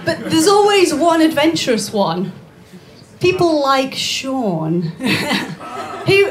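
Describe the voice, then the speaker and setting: High-voiced woman doing stand-up. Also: sing-song. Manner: chatty, self-mocking, with quick asides and restarts. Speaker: stand-up comedian. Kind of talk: live stand-up comedy. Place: small comedy bar stage.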